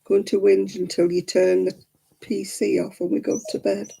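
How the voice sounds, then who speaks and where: A woman voicing her sleepy female pet dog with a high, whingeing sing-song voice. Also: level tone, normal speed, vocal fry, mellow, husky, poor audio. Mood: whiny.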